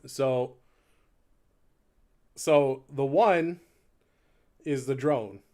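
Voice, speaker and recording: Speaking very slowly in a mellow, medium-pitched voice, a man chats casually with viewers during a live stream of his instrument practice. He rambles, frequently laughs at his own expense, and counts beats aloud as he plays over a faint hurdy-gurdy drone.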